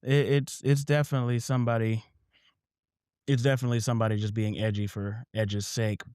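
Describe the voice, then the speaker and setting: A man co-hosting a casual talk about comics, reacting with wry quick asides. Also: mid-range voice, little pitch movement, a little mellow, smooth, no echo, clean studio sound. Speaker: podcast co-host.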